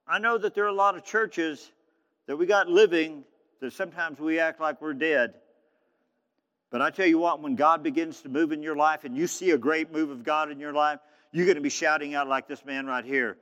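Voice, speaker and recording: A man preaching a sermon as pastor, swinging between hushed, low passages and loud, high calls. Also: steady tone, moderate pace, clean tone, big-room sound.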